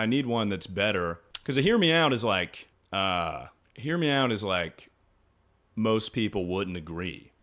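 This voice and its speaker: On a casual livestream, a young man with a lowish, slightly bright voice answers chat questions. His banter is crude and joking, with frequent laughs and trailing restarts.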